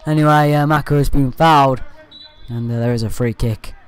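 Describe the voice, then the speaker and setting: Male fan commentator, mid-pitched, loose amateur match voice-over, keeps moving on with "anyway". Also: normal speed, heavy background noise. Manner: rambling, leans on "anyway" and "uh" to move on; partisan, with excited bursts at good play.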